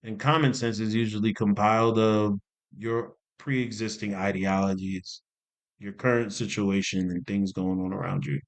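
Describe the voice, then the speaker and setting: A man talking casually to camera as a commentary host, animated and repeating points for emphasis. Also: lowish voice, moderate pace. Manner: animated, repeats himself for emphasis, jokey asides. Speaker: commentary YouTuber.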